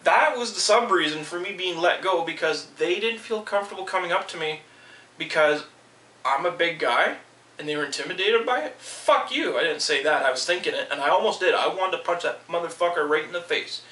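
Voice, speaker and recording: A man, a vlogger, launches into an angry personal rant about losing his job, swearing heatedly and quoting people in a raised voice. His voice is fairly high, animated and a little fast, with a pushed, bright quality. The low-quality recording sounds roomy, with the mic placed at a distance.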